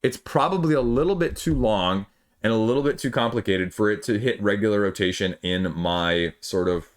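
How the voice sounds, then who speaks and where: A young man with a lowish voice talks through board game news in a loose, casual way. He rambles, jokes at his own expense and drifts into side stories before pulling himself back on track, recorded at home late at night. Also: normal speed. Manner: rambling, self-deprecating, with frequent asides. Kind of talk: casual video commentary.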